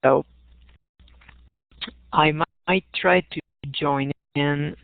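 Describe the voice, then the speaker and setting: A man's voice: on the high side, fairly even intonation, very slow, gravelly, dry recording. A man with a French Canadian accent giving a webinar talk, hesitant and full of fillers, heard over an online call. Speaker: presenter. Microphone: online call microphone. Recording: tinny phone-like web call.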